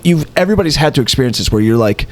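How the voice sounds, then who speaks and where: Animated man telling a story. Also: medium pitch, rapid-fire. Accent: New York. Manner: animated storyteller, acts out quotes. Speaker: podcast co-host. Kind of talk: casual chat.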